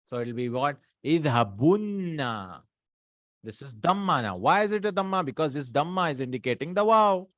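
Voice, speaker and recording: Male grammar teacher, slightly high voice, patient, dry close recording. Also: a bit bright, no room sound. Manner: explains patiently, mixing English and Arabic, checks with "hmm?" and "right?". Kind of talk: online grammar lesson.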